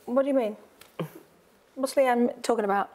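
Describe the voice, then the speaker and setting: A woman's voice: on the high side, normal speed, a little mellow. A woman hosting as a parenting expert, talking directly and probingly with parents and children, often repeating phrases for emphasis. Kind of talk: coaching talk with parents and children.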